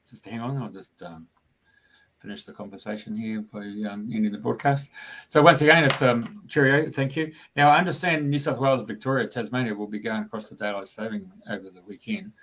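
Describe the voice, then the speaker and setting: A man hosting a broadcast in a relaxed, informal way. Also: medium pitch, brisk. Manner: relaxed, informal sign-offs. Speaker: radio host. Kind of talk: casual broadcast chat.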